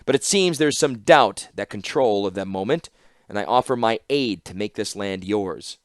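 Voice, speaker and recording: A man voicing a proud, cunning woman artificer who speaks in formal, flattering address. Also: on the low side, normal speed, no room sound, studio quality, natural voice.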